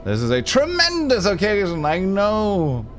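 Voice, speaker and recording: Animated man narrating a game stream. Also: high-pitched, a little slow, soft background music. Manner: self-deprecating, talks to chat between narrated passages. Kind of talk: reading a game aloud on a livestream, chatting with viewers.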